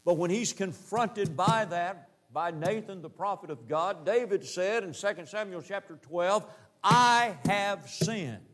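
Guy preaching a sermon, hammers points with repeated lines, kinda high pitched. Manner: emphatic, slowing down to stress key phrases; repeats points in rhetorical lists.

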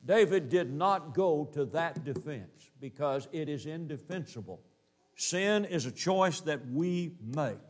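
A man preaching a sermon, emphatic, slowing down to stress key phrases and repeating his points in lists. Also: on the high side, expressive.

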